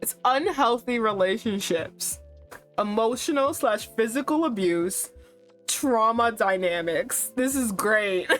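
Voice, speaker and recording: A woman streams a dating game, reading its text aloud and reacting with animated, laughing outbursts. Her pace is slow and drawn out. Faint music plays under her voice. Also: on the high side.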